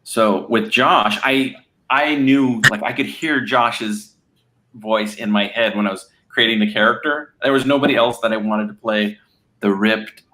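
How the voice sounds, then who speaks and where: A man's voice: on the low side, steady tone, measured pace, bright, forceful tone, a little hiss or hum. A man as a podcast guest, a comic creator chatting casually and joking as he rambles. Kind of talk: casual chat.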